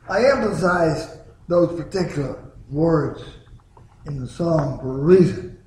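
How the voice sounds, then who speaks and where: Slow, deliberate preacher in an echoey room. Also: male voice, a little high, animated, darkish tone. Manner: slow, deliberate preaching with dramatic pauses and emphatic peaks. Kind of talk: sermon with sung hymn opening.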